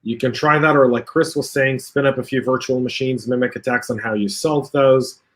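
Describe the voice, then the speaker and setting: A man's voice: mid-range voice, fairly even intonation, moderate pace. A man hosting a casual livestream over a video call, reading out viewer comments and joking along with the panel. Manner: chatty, reads viewer comments aloud, jokey. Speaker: podcast host reading live chat.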